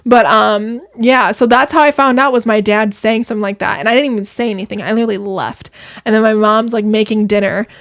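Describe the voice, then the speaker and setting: A young woman chatting as a podcast guest, telling stories in an animated way with quick asides. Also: a little high. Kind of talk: casual chat.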